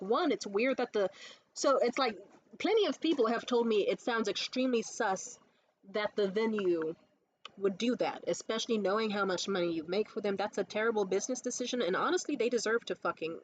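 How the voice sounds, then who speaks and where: A woman's voice: on the high side, dull audio, a little hiss or hum. A woman producing comedy shows, telling a blunt, profane story in a casual rant to camera.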